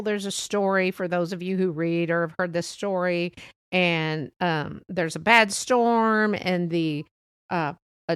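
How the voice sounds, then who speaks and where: A middle-aged woman hosting a faith-based motivational talk, speaking in a gentle, reassuring and chatty way with soft laughs. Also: on the low side, dry recording, clean studio sound. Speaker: podcast host.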